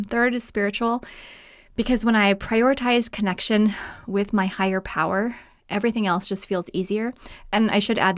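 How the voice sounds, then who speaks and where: A woman's voice: mid-range voice, no echo. Chatty woman podcaster with a dry sound. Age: adult mother. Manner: chatty, laughs often, with frequent fillers. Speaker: podcast host. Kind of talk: solo podcast talk. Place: home podcast room.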